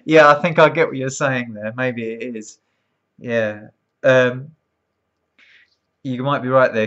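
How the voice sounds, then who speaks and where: Male streamer, casual storyteller, animated and halting, fairly high voice, dull lo-fi audio. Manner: animated, acts out quoted voices, frequent ums and restarts. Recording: dull lo-fi sound.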